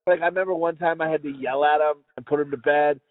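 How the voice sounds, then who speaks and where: High lively guy cussing thru his stories, tinny dry sound like a phone line. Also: fast talker, no room sound. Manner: swearing, animated storytelling. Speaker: podcast co-host. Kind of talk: casual chat.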